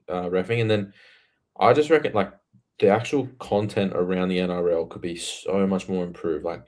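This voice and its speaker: Australian man, young, low voice, blunt opinionated podcast rant. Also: a little mellow. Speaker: podcast co-host. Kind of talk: casual chat.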